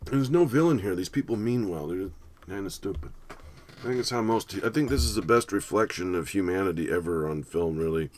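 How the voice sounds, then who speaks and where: With a low-pitched voice, lively intonation and a brisk pace, a male movie commentator talks casually over a film. His running commentary rambles and is sprinkled with wry, sarcastic asides.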